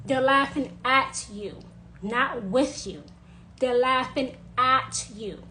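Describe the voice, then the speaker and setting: A woman giving forceful advice in a monologue, hammering her points home by repeating them. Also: high voice, takes it slowly, rough recording. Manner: insistent, repeating phrases for emphasis. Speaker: witch sharing advice. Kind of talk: emphatic monologue to camera.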